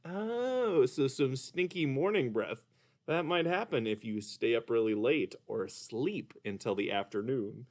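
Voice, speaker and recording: A man teaching children in a gentle, patient way during a puppet lesson. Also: mid-range voice, measured pace. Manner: gentle, patient, explaining to kids.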